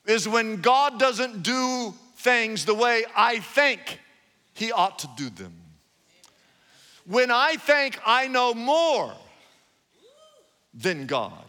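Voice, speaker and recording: A high-pitched, bright-toned male preacher delivering an animated sermon. He retells Bible stories with lively repetition, and his voice rings out in a large hall with a long, lingering echo. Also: extremely slow, pauses often. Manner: animated storytelling, acting out Bible characters with repeated phrases. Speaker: pastor.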